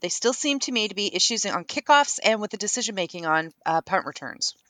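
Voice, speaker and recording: A British woman hosting a sports podcast, briskly reading out questions for the panel. Her pitch moves a lot, and the recording is dry and close. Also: expressive, fairly bright tone, no room sound. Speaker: podcast host. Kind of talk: casual sports chat.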